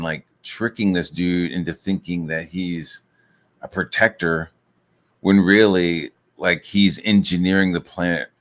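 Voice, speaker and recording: A man with a very low voice rants casually as he works on comic pages. His talk rambles, loaded with profanity and filler words, loose and unscripted. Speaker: streamer and comic artist.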